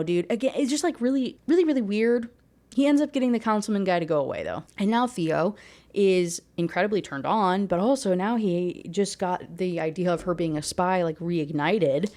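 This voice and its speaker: A woman's voice: lowish voice, a little mellow. A woman giving a casual rant review of a book, rambling and heavy on fillers.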